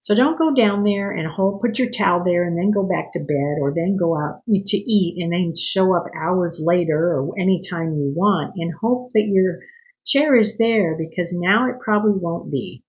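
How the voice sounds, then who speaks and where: A woman's voice: lowish voice, normal speed, a little mellow, lo-fi sound. A woman talking casually to her viewers, giving earnest, slightly scolding etiquette advice with chatty asides. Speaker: cruise vlogger. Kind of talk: casual advice talk to camera.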